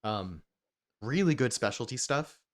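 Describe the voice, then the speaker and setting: A man's voice: mid-range voice, animated, unhurried. A man from New Jersey co-hosting a whiskey show in casual chat, rambling with many asides.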